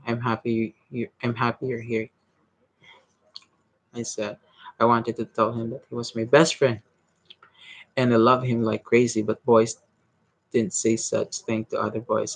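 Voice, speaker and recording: Gravelly man reading a novel aloud. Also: mid-range voice, level tone, no echo, rough recording. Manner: halting reading, stumbles and restarts words. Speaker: reader.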